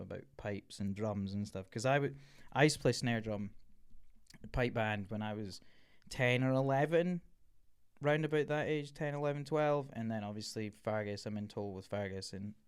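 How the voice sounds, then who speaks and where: A man from Scotland with a Scottish accent, chatting casually as a podcast co-host and telling animated stories. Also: fairly low pitch, brisk, clean tone. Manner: animated storyteller, swears casually. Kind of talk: casual chat.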